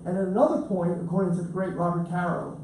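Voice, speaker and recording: A man speaks quickly in a high, warm voice with vocal fry, giving a chatty, joking lecture about his book full of stories and frequent restarts. He's in a lecture room with an audience, recorded on a distant mic that sounds roomy, with faint ambience and slight background noise.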